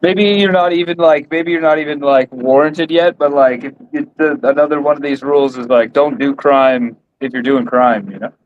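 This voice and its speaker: A man's voice: medium pitch, steady tone, normal speed, few pauses. Man chiming in on a casual chat, joking, kinda muffled lo-fi mic w faint hiss. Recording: dull lo-fi sound, faint noise.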